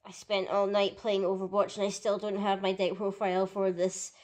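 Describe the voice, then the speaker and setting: A woman's voice: medium pitch, flat delivery, moderate pace, darkish tone. A young woman vlogging casually in a chatty, self-mocking and dramatic way. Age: young adult. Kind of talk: casual comedic vlog.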